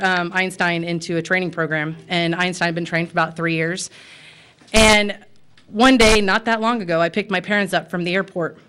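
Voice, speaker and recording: A woman's voice: on the low side, a bit bright. An American woman and pet store owner speaking at a city commission meeting, impassioned and emotional, with frequent fillers. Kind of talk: public comment at a city meeting.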